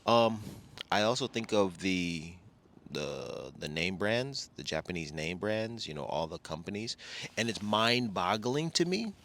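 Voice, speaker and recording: A man's voice: low-pitched, animated, measured pace, gravelly, fairly bright tone. A middle-aged man from Los Angeles rambling casually as a travel vlogger, often restarting and correcting himself. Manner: rambling, self-correcting, chatty.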